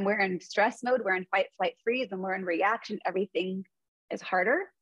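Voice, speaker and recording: An earnest woman in her forties tells stories in a conversational interview. Her voice is a bit husky and breathy. The sound is dry and close. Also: mid-range voice, no echo, highs cut off. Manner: earnest storytelling. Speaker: guest.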